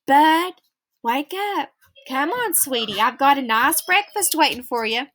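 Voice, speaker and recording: A woman's voice: high voice, animated, a little slow, sharp tone, exaggerated voice. A woman voicing a motherly woman who fusses over a child and scolds her teasing father. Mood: gentle. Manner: fussing, scolding then coaxing. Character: motherly woman, fussing and caring.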